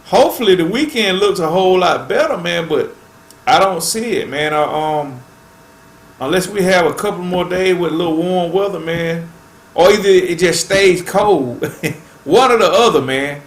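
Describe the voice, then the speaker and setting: A man's voice: high-pitched, moderate pace, echoey room. A man hosting a fishing channel, chatting casually to viewers in a laid-back way and tacking "man" onto nearly every phrase.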